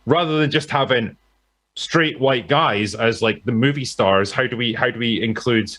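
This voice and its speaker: A man's voice: medium pitch, a bit bright. A British man talking about films in a podcast chat, with many fillers and restarts. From Britain. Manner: halting, filler-heavy. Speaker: film commentator guest. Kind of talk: podcast conversation.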